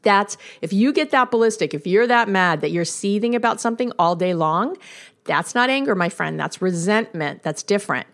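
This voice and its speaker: A woman's voice: mid-range voice, lively intonation, moderate pace, a bit bright. A woman hosting a podcast as a couples therapist, telling a story about her young son in a chatty way, laughing at herself and swinging her voice up when she relives moments. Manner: chatty storytelling with frequent laughs and self-mockery. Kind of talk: casual podcast monologue.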